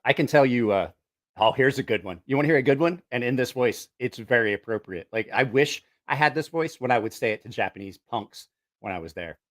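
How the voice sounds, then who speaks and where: A middle-aged man talks casually to the camera, swearing often and poking fun at himself. His pitch jumps around in a lively way while he thinks aloud about the gear he is testing. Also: a little fast. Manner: rambling, profane, self-mocking. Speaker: musician testing a voice effects box. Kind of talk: casual vlog chat.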